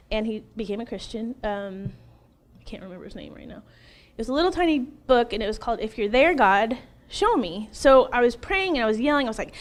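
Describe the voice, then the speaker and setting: A woman in her thirties giving an earnest, animated personal testimony as an interview guest, laughing now and then between lines. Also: fairly high pitch.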